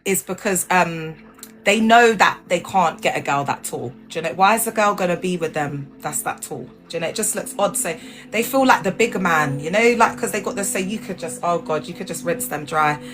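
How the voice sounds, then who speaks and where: A woman chatting casually to viewers on a livestream, animated and laughing, her voice jumping up high when she gets excited. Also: brisk, faint music behind. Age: adult with grown children. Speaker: livestream host. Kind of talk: casual chat.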